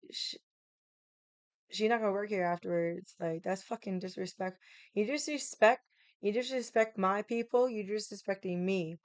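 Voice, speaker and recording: A woman's voice: medium pitch, clear, resonant tone, no echo. A woman telling a story at home, blunt, profane and heated. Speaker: vlogger. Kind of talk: casual storytelling. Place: home room with the AC running.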